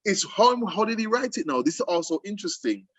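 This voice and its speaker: A man with a lilt hosts a casual poetry chat aimed at students, and he explains with animated, emphatic bursts and restarts. His voice sits a little higher than most men's, and the sound is dry and close. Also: fairly quick, slightly rough, no echo. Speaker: host. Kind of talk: casual literary discussion for students.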